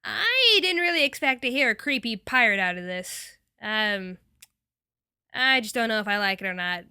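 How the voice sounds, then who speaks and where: An enthusiastic woman chats through an anime review in a high, lively, bright voice. The sound is dry and close. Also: normal speed, clear, resonant tone, no room sound. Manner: enthusiastic and chatty. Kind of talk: casual review.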